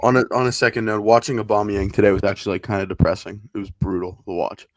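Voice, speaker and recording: A man's voice: fairly low pitch, flat delivery, fast, dry recording. A man co-hosting a casual podcast, bantering and joking. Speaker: podcast co-host. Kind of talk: casual chat.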